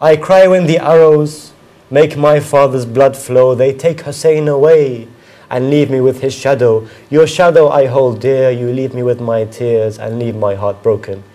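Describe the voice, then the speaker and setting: A man's voice: medium pitch, a little slow, mellow, low-quality recording. A man reciting his own mournful elegy poem, repeating its refrains with a grieving voice that rises and falls with emotion.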